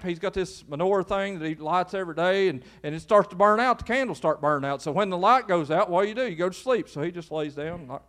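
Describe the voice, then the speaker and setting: Folksy Kentucky-twanged man preaching, high-pitched and animated, with church sermon style. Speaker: pastor.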